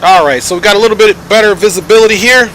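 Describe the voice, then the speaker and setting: Chatty dude streaming a flight sim, kinda high bright voice, jokes around and thanks chat, little bit of hiss behind. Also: male voice, racing, rough recording. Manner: chatty, joking, thanks viewers by name.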